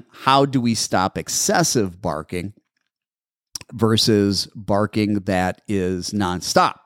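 A man who trains dogs answers listener questions on an advice show, explaining steps patiently and repeating them, his voice a little hoarse. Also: fairly low pitch, dry recording, studio quality. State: slightly hoarse.

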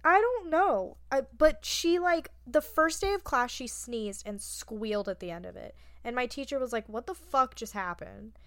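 A young woman with a bright, sharp, fairly high voice, recorded dry and close. She chats bluntly as a podcast co-host and swears freely. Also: lively intonation, normal speed, hardly any pauses, dry recording. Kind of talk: casual chat. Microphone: remote call mic.

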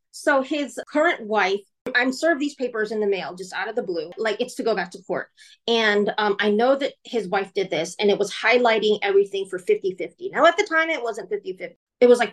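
A woman telling her personal story in a candid, emotional way, speaking quickly and acting out the voices of the people she quotes. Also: mid-range voice, expressive, rough recording. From California.

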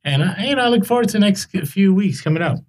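A man hosting a casual podcast, telling animated, rambling stories about reselling. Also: high-pitched, fast, a little hiss or hum.

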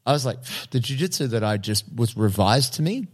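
A man's voice: medium pitch, animated, fairly quick. Blunt, slangy man chatting. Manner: blunt, slangy, swears freely. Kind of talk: casual chat.

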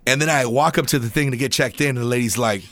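A middle-aged man chatting casually, telling an excited, animated story. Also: medium pitch, quick pace, no room sound. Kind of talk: casual chat.

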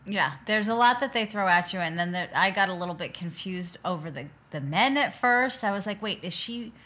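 A woman's voice: lowish voice, lively intonation, fairly quick, bright, forceful tone. A woman co-hosting a podcast, chatting playfully about a film and dropping into joking put-on accents. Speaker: podcast co-host. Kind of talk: casual film review chat.

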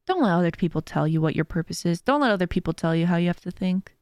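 Her fairly low, darkish, smooth voice moves quickly with lively intonation, captured dry and at studio quality. She's a podcast host and streamer giving a relaxed, heartfelt monologue of earnest, faith-driven encouragement.

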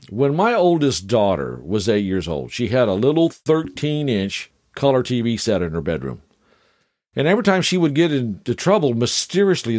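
A man's voice: mid-range voice, darkish tone, dry recording, clean studio sound. A middle-aged man hosting a casual podcast, telling stories in a rambling, chatty way with asides to the listener. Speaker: podcast host.

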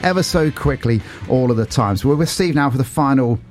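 A man hosting a studio radio chat. His intonation rises and falls in a lively way, and he wanders into jokey, rambling stories as he talks. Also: medium pitch, fairly quick, soft background music. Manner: chatty, jokey, tells rambling anecdotes. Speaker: radio show host. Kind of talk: casual radio interview.

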